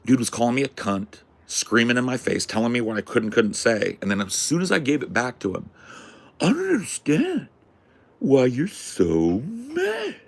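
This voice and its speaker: A man hosting a podcast, telling a rambling story in a casual, profane, animated way. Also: medium pitch, quick pace, creaky, hardly any pauses. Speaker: podcast host.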